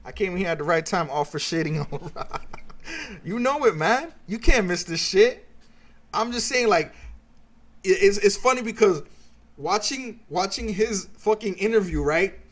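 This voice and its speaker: High-voiced man ranting with heavy swearing. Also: animated, unhurried. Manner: heated, sarcastic, swears a lot. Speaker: streamer reacting to a clip. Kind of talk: profane reaction rant.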